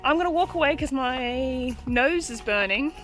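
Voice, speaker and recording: A cryptid-hunting vlogger, a woman with a high, expressive, fairly bright voice, walks through an overgrown cemetery in the rain and talks at a moderate pace. She's out of breath, chatty and exclamatory, speaking straight to her viewers in casual commentary. Faint music plays behind her, and the recording is rough.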